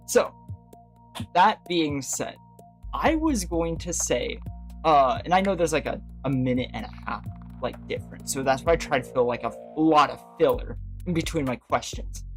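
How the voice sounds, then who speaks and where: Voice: mid-range voice, lively intonation, normal speed, faint music behind. A livestream host chatting casually with viewers, rambling with many fillers and restarts and laughing often. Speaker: livestream host talking to chat. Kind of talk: casual chat.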